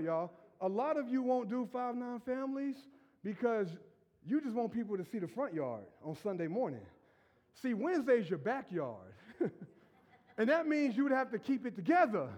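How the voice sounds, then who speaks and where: A middle-aged male pastor giving a lively, joking sermon, acting out quotes and shouting at times. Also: very high voice.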